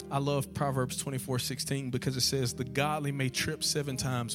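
A man preaching to a congregation in a voice of middle pitch, asking question after question. He climbs to loud, emphatic calls. Soft music plays underneath. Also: flat delivery, moderate pace, hardly any pauses. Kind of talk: sermon. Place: church sanctuary.

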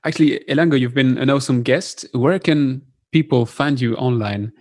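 Dry-sounding French-accented host. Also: male voice, medium pitch, darkish tone, dry recording. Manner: friendly, polite, slightly halting. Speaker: podcast host. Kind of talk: casual interview talk.

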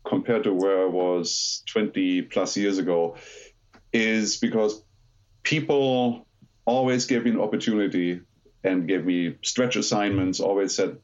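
A middle-aged man with a German accent, a podcast guest who tells his story with lively, self-deprecating humor. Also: on the low side, unhurried, highs cut off. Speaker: podcast guest, aerospace lawyer. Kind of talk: conversational podcast interview.

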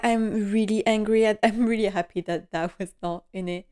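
Female podcast host, casual recap, emotional and animated, mid-pitched voice. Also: moderate pace, hardly any pauses. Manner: animated and emotional, with nervous laughter.

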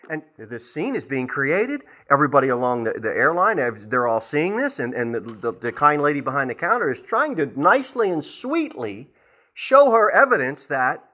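Middle-aged male pastor, animated sermon delivery, slightly high, bright tone. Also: normal speed. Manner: animated preacher acting out quoted people. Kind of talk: verse-by-verse sermon.

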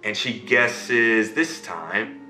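A man telling a fairy tale to an audience, animated and checking in with his listeners. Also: fairly low pitch, drawn-out words, echoey room, slight background noise. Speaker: storyteller.

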